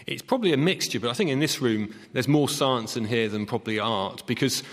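A man who is an acoustics expert, clearly explaining how halls are designed. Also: medium pitch, a little fast. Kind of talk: explaining on a panel. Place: concert hall used as studio. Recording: long concert hall reverb.

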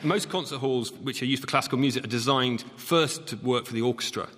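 A man who is an acoustics expert, clearly explaining how halls are designed. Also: medium pitch, fairly quick, fairly bright tone. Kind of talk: explaining on a panel. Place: concert hall used as studio. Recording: long concert hall reverb.

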